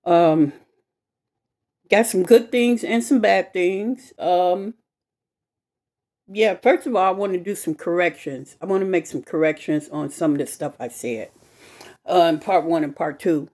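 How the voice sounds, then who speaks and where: A woman telling a personal story to camera in an animated, emphatic way, swearing freely and repeating herself. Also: lowish voice, a little slow, pauses often. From west side of Chicago. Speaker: vlogger.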